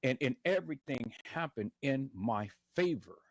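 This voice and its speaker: Man hosting a livestream from his bed, hurting, preaching thanks in a husky, dry, close-miked voice. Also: mid-range voice, animated, moderate pace, no echo. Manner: fervent, repetitive, calls viewers "peoples". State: in pain, lying in bed. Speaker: livestream host. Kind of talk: preachy testimony to viewers.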